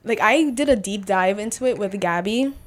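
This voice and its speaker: Young adult woman, podcast guest, animated storyteller, average pitch. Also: moderate pace. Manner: animated storyteller, acts out quoted dialogue. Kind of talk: casual chat.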